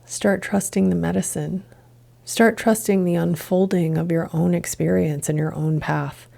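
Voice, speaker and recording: A woman's voice: on the low side, fairly even intonation, measured pace, creaky, dark tone. A woman hosting a podcast, musing earnestly in a reflective solo monologue full of rhetorical questions. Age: adult, past childhood and drinking years. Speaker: podcast host, integration coach.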